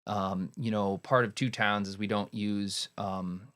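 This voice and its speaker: A man in a casual podcast interview, explaining his work as a head cider maker in a relaxed, rambling way with many fillers. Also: fairly low pitch, measured pace.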